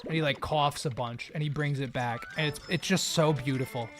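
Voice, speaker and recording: A man casually chatting on a live stream while gaming, jokey and rambling, quick to laugh at himself. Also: a little high, steady tone, music in the background.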